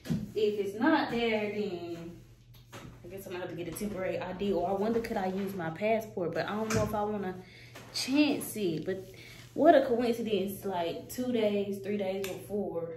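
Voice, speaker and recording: A woman's voice: mid-range voice, normal speed, a little mellow. A woman nail technician chatting casually to her viewers, aggravated, swearing in passing. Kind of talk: casual vlog chat. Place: small nail salon room, indoors. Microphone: camera set down at a distance, no tripod. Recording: echoey room, distant mic, background noise.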